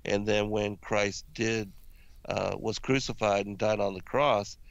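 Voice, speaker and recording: A man discussing ancient religious texts in casual conversation, halting often with fillers and restarts. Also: fairly low pitch, fairly even intonation, gravelly, no echo, lo-fi sound.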